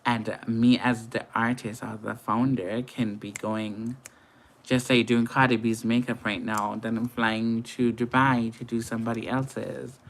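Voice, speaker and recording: A young woman from Antigua and Barbuda chats casually with viewers during a late-night makeup livestream, laughing often. Her Caribbean-accented voice is rumbling and low, with a flat delivery at a measured pace.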